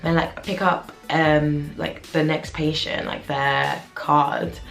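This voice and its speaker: Low, gravelly young woman. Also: flat delivery, slow, a bit bright. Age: 20s. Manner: candid, chatty, heavy use of "like". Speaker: junior doctor. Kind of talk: casual vlog to camera. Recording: roomy echo with faint music.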